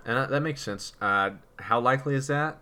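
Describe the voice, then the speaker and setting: A man's voice: mid-range voice, moderate pace, bright, forceful tone. A man co-hosting a podcast in casual chat, rambling and repeating words as he thinks. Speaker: podcast co-host.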